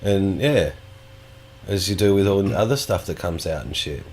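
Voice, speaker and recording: Man, low-pitched, sweary rambling podcast co-host. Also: animated, normal speed, darkish tone, slight background noise. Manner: sweary, rambling, laid-back. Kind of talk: casual chat.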